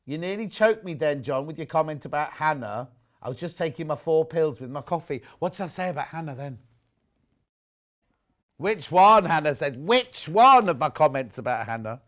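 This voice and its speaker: A man's voice: on the high side, animated, moderate pace, fairly bright tone. A man presenting fabrics on a live shopping channel, chatting and joking casually and reading out viewer messages. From United Kingdom. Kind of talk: casual live sales chat.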